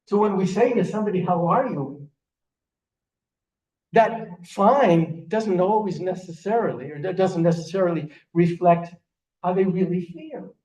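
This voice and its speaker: This older rabbi's sermon comes through with a high, dark-toned voice at a moderate pace. Telling stories in earnest, he keeps restarting his words, and the echoey synagogue sanctuary makes him sound distant.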